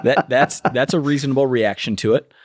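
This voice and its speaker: A man's voice: medium pitch, fairly even intonation, a little fast, dry recording, studio quality. A man co-hosting a podcast in casual chat, cutting in to probe with follow-up questions. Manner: probing, asks follow-up questions. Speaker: podcast co-host.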